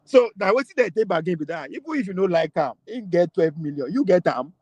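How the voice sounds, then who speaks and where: A Nigerian man hosting a casual political chat in Pidgin and English, animated and argumentative, often laughing. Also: sits high, quick pace, no room sound, poor audio. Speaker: political talk show host.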